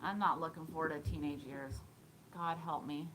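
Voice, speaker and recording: A woman's voice: low-pitched, fairly even intonation, moderate pace, noisy background. A woman in her thirties chatting casually on a live stream, giggling often and answering viewer comments. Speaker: thrift vlogger.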